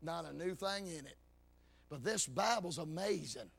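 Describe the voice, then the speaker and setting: A man preaching a fervent sermon, his lines rising into half-sung, shouted peaks. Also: on the high side, expressive, normal speed, vocal fry, husky.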